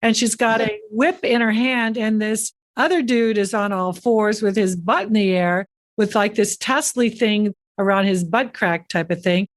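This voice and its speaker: A woman's voice: mid-range voice, normal speed, hardly any pauses, no echo, studio quality. Laughing woman host telling stories. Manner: lively anecdotal, breaks into laughter. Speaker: podcast host and real estate agent. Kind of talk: casual storytelling chat.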